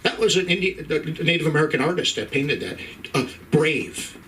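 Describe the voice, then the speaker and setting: Brash Irish-born comic, lively high voice. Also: male voice, normal speed, recorded from a distance, slight background noise, rough recording. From Ireland. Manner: brash, profane crowd work with stammering restarts. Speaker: stand-up comedian and host. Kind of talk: stand-up comedy set. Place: comedy club stage.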